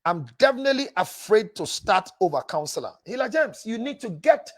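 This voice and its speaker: A husky male counselor who lectures his viewers in an emphatic, preachy tone. His pitch swings widely as he leans on repeated lines for stress. He calls his listeners "my dear" as he answers their messages one by one. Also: big pitch swings, a little fast. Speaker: relationship counselor. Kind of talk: live show reading viewer messages.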